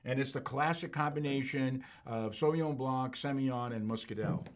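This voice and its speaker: A man co-hosting a wine show as its writer, praising wines effusively in halting, restarting sentences. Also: mid-range voice. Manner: effusive, halting with repeated starts. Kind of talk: casual tasting chat.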